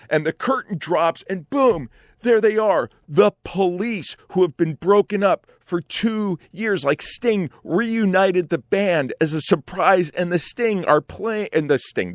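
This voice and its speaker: A man's voice: high-pitched, no room sound. Brief: man in his forties, rambling and profane comic storyteller, dry close mic. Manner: animated, profane, digressive storyteller with frequent "like" and "right?". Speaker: host telling a story.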